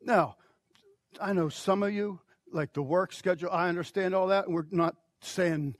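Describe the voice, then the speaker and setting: A man preaching an altar call, impassioned, swinging from shouted pleas to near whispers. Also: sits high, normal speed, no room sound. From United States. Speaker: pastor.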